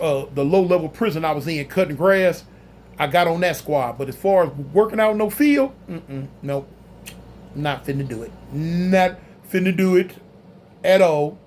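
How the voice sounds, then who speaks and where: A man telling a story in a casual, animated, slangy way, acting out other people's voices. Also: on the high side, a little hiss or hum. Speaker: storyteller recounting prison life.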